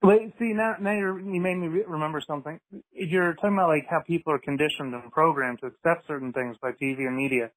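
A man with a somewhat high voice lays out his points carefully during a relaxed podcast chat. His voice has a faintly radio-like sound to it. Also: fast, poor audio. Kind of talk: casual podcast conversation.

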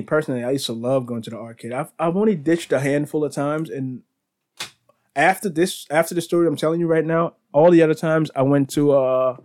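A man's voice: medium pitch, darkish tone. A man hosting a podcast, telling casual stories in a rambling way with restarts, laughter and "bro". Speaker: podcast host. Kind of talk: casual storytelling.

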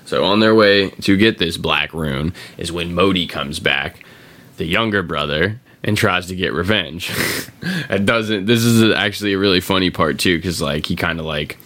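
Gravelly low-voiced man retelling a game. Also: a bit bright. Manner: laughing often, swearing, acting out lines in quick voices. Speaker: podcast host. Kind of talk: casual chat, retelling a game story.

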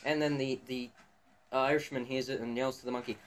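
A man's voice: mid-range voice, steady tone, a little fast. A teenage boy co-hosting a casual podcast, talking in a rambling way with many fillers and restarts. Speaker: podcast co-host. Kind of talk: casual podcast chat among students. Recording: faint background noise.

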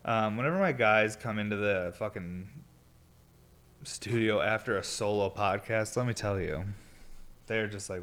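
A young man with a lowish voice talks through a solo podcast, rambling and laid-back. He is audibly stoned and leans on fillers and casual swearing. Faint noise and clicks sit behind him. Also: moderate pace, fairly bright tone. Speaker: podcast host and glass blower.

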